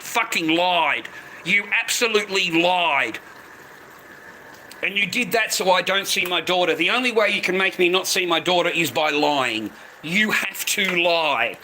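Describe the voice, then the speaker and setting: High, bright-voiced swearing man. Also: a little hiss or hum, rough recording. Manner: swearing, repeats "mate" constantly. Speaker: live streamer. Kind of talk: angry live-stream rant.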